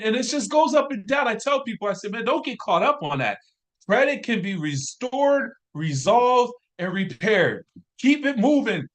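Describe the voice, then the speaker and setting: High-voiced, energetic salesman. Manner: energetic, repetitive, hyping urgency. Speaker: sales trainer. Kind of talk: motivational sales training talk.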